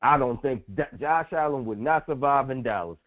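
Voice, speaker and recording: A man co-hosting a sports talk show, loud and emphatic, repeating phrases for effect. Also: mid-range voice, moderate pace. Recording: tinny phone-like audio.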